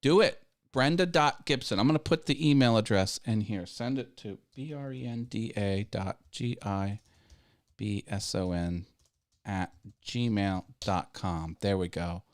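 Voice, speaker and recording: With a lowish voice at a measured pace, a man hosts a laid-back YouTube live stream. He meanders, cuts himself off to restart sentences, and chuckles at his own jokes.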